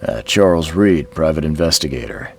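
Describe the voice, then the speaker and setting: Game private eye: very deep, gravelly, cool and threatening. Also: male voice, lively intonation, moderate pace, a little mellow, heavily acted. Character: hard-bitten male private investigator. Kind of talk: video game voice acting.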